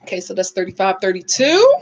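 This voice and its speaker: A woman's voice: medium pitch, huge pitch swings, fast talker. A woman hosting a casual live-stream review of a reality show, chatting with viewers and sometimes singing her greetings, on a muffled livestream recording.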